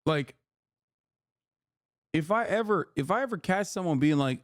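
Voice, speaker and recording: A man's voice: on the high side, lively intonation, normal speed, long pauses, dry recording, clean studio sound. A man hosting a livestream, lecturing his chat in an exasperated, profane rant. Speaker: livestream host.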